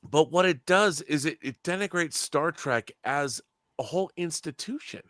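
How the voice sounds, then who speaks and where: A man's voice: on the high side, normal speed, a bit bright, no room sound, clean studio sound. A man in casual podcast chat, emphatic and opinionated, swearing freely and restarting his sentences as he rants. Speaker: podcast co-host.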